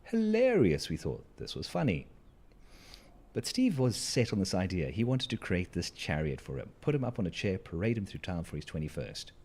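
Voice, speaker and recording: A man's voice: low voice, huge pitch swings, normal speed, darkish tone, slightly rough. A man telling a wry, rambling story to his stream, with asides to the listeners. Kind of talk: casual storytelling while gaming.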